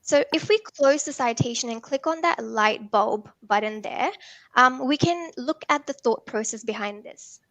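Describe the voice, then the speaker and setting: Higher-voiced woman presenting a tech workshop. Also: normal speed, fairly bright tone, no room sound. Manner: explanatory, frequent um and uh fillers.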